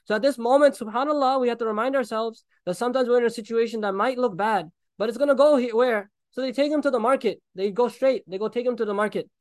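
Give me a high-voiced man preaching a lively storytelling sermon. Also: quick pace, few pauses, no room sound. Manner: animated, acts out voices, laughs often.

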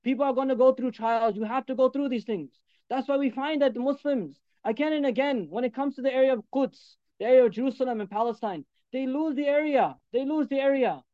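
A man's voice: extremely high pitch, a little fast, no room sound, highs cut off. A man preaching a sermon, exhorting his listeners in an emphatic voice and repeating phrases for effect.

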